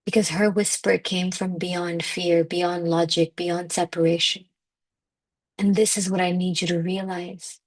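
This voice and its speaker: A manifestation coach, a woman with a slightly low voice, gives an emphatic, motivational spiritual talk. Her delivery is loose and conversational, packed with "like" and direct appeals to listeners.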